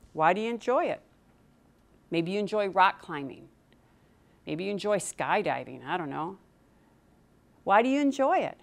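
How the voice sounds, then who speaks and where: A middle-aged woman giving a motivational talk on public speaking to a live audience, quizzing the room and acting out nervous inner voices. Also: mid-range voice. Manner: animated, asks the audience questions, acts out nervous inner voices.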